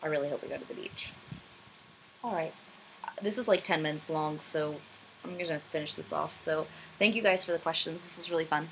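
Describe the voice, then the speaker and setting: Young woman vlogger, low-ish voice, rambly and self-deprecating, faint room noise. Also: brisk, vocal fry, poor audio. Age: young adult. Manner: rambling, self-deprecating, hesitant with many ums. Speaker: vlogger answering viewer questions. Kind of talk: casual chat. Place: room at home, backlit.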